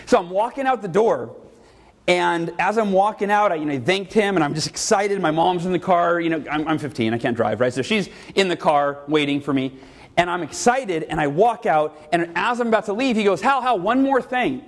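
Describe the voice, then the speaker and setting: Guy from california doing a motivational keynote, animated storytelling, kinda high voice. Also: brisk. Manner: animated storytelling, acting out every voice. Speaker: motivational speaker. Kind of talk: keynote talk to a live audience.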